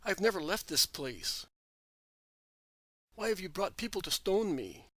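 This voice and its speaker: A man's voice: sits high, big pitch swings, unhurried, sharp tone, no echo, full character voice. Terrified young outcast in a spoken storybook, fearful and accusing, read by a man. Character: frightened, wasted young man hiding in a cave.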